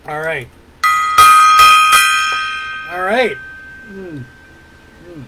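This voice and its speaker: High-voiced rambling livestream host. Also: male voice, wildly swooping pitch, extremely slow, loud music behind the voice, rough recording. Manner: rambling, many fillers and restarts. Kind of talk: casual livestream chat.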